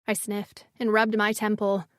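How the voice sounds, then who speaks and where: A woman narrating a romance audiobook in the first person, with a measured, intimate reading. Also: mid-range voice, completely flat delivery, no echo, studio quality.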